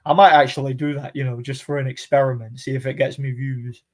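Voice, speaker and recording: A man's voice: medium pitch, little pitch movement, a little fast, darkish tone. A man, hosting a casual live chat, rambling and mocking, laughing often between remarks. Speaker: channel host reading chat comments.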